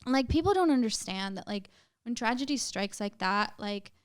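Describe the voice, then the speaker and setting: A young woman appearing as a podcast guest shares a painful personal story in relaxed conversation, emotional and full of "like," with some swearing. Her voice is fairly high with lively intonation at normal speed, clean in tone, and the recording is dry with clean studio sound.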